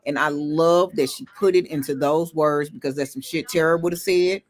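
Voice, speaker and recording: A man with a noticeably high voice and co-hosts a casual podcast. He is animated and jokey, laughing easily between points. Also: normal speed. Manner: animated, joking, laughs often. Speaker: podcast co-host. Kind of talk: casual chat.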